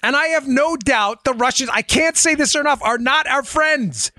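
High, bright-voiced sarcastic male podcast host. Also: moderate pace, no echo, clean studio sound. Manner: sarcastic, wisecracking, mocking voices. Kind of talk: animated political commentary.

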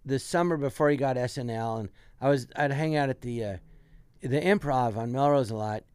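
A man's voice: medium pitch, fairly quick, darkish tone, clear, resonant tone, no room sound. A man telling a rambling comic anecdote as a guest, with frequent restarts. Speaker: guest comedian. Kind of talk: casual storytelling.

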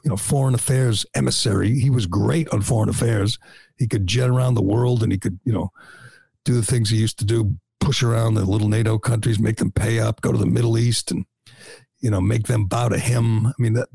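Man, talk host, gravelly, husky, wry and chatty. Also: medium pitch, a little mellow, dry recording, clean studio sound. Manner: chatty, wry, laughs often. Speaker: show host. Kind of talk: casual political talk.

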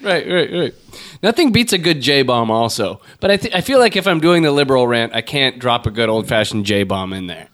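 A man's voice: medium pitch, sing-song, moderate pace, a bit bright. A man hosting a podcast in casual chat, rambling and joking with many fillers. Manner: rambling, jokey, lots of fillers. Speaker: podcast host.

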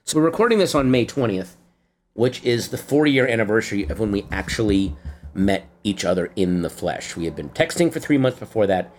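Animated middle-aged man telling stories. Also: lowish voice, a little fast, slight background noise. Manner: animated storyteller, teasing, jumps into quoted voices. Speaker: podcast co-host. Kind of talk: casual chat.

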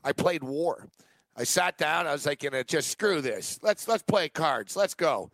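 A man with a slightly raised pitch spins a long, rambling story on a sports betting podcast. He laughs easily and acts out the people he quotes. The sound is dry and close, with no room behind him. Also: expressive, unhurried, a bit bright, no room sound. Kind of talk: casual storytelling chat.

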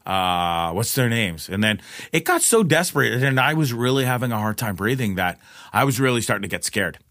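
A man's voice: brisk, no echo, studio quality. Profane man telling a rambling story. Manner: profane, rambling, restarts often; animated retelling, pitch jumps in quoted lines. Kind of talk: casual personal anecdote.

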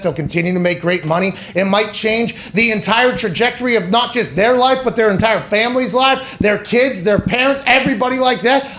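A man hosting a sports talk podcast with a fairly high voice. He rants and builds his points with heavy sarcasm and swearing, and now and then he puts on mocking voices to make fun of the other side. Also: a bit bright. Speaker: podcast host. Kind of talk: sports talk show rant.

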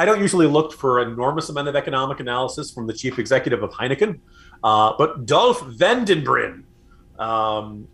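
Brief: male co-host, conversational and wry, average pitch. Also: fairly bright tone. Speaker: podcast co-host. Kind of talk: casual political commentary.

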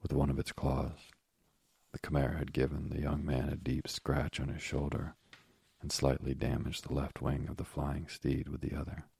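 A man reading a storybook aloud as narrator with a measured, even delivery. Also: rumbling low, creaky, slightly rough, no room sound.

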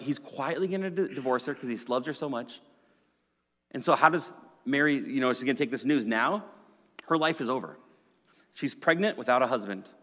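A male pastor preaching a sermon in a conversational, storytelling way, swinging from loud to hushed. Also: medium pitch. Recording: long hall reverb.

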